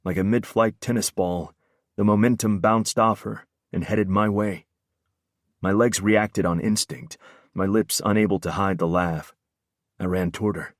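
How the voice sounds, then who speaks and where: A man's voice: fairly low pitch, fairly even intonation, unhurried, no room sound, clean studio sound. A man narrating a first-person audiobook with an intense, brooding delivery.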